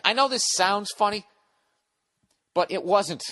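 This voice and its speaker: Bright-voiced man telling a profane story. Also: sits high, measured pace, long pauses. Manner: animated, profane and blunt. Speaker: comedian guest on a podcast.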